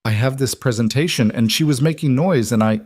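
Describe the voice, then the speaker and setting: A man voicing a stressed working woman in a spoken story, clipped, tense and quick to defend herself. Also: mid-range voice, a little mellow, husky, dry recording, studio quality, voice pushed up, close to an everyday voice. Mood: strained.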